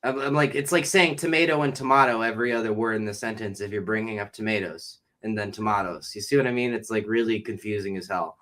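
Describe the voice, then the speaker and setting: A young podcast host from the Boston area in New England chats casually with a guest, joking, rambling and swearing freely. His voice is lowish and a bit bright, and he talks fast with hardly any pauses.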